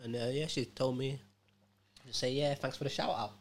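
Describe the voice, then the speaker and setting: A man bantering on a podcast in a mid-pitched voice, playful and halting, with frequent fillers. Crowd chatter carries clearly behind him. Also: steady tone. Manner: playful, trails off with "uh" and repeated words. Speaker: podcast co-host. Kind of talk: casual banter.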